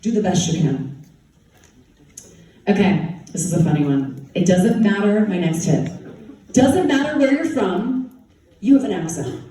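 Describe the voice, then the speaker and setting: A woman from Utah, speaking with a Utah accent in a warm, mid-range voice with lively intonation, gives a playful talk as a TV co-host. She is unhurried, pauses often, and chats while quizzing a live audience in a large hall. The echoey recording picks her up from a distance, with crowd noise.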